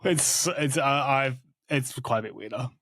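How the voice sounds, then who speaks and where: Man podcast co-host, mid-pitched voice, teasing, short quips, dry sound. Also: unhurried, fairly bright tone, dry recording. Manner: teasing, short replies, laughs easily. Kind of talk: casual podcast chat.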